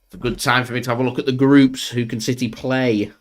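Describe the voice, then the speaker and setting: Chatty football fan commentating live. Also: male voice, medium pitch, level tone, fast. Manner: chatty, jokey, laughs often, swears. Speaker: fan channel host doing live match commentary. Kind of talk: casual live watchalong commentary.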